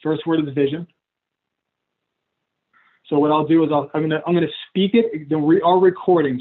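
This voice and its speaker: A man with a voice on the high side walks through coaching skills on a video call at a moderate pace. As a coach trainer, he's easygoing and talkative, chuckles at himself, and acts out exchanges with clients; the audio sounds tinny, like a phone.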